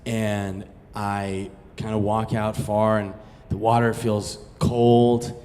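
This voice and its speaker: A man's voice: lowish voice, flat delivery, slow pace, dark tone, big-room sound, a little hiss or hum. A man from Massachusetts telling a story on stage in a casual, profane, self-mocking way. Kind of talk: live storytelling.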